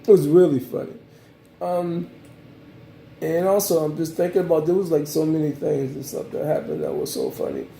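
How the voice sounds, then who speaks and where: A man from the United States casually recapping his trip in a vlog, rambling and animated, with many fillers. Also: fairly high pitch, normal speed, creaky, roomy sound, a little hiss or hum. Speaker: travel vlogger.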